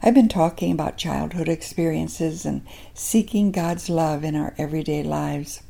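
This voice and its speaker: An older woman, a grandmother, hosting a devotional radio program and telling a personal story in a gentle, unhurried way. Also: low-pitched, gravelly.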